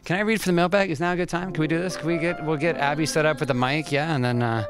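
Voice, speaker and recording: A man from the US West Coast hosting a restaurant livestream, reading fan mail in a halting, rambling, self-deprecating way with many fillers. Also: fairly high pitch, fairly even intonation, over music. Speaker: livestream host.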